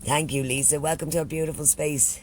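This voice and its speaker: A man's voice: on the high side, little pitch movement, brisk, slight background noise. An Irish man chatting casually on a live stream, swearing freely and thanking followers by name. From Ireland.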